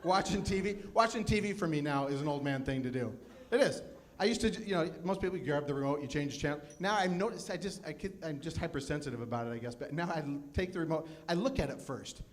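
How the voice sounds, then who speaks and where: Fifty-year-old stand-up comic, higher voice. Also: male voice, expressive, quick pace. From Phoenix, USA. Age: 50s. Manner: self-deprecating, chatty with the crowd. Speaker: stand-up comedian. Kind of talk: stand-up comedy set. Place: live comedy club with audience.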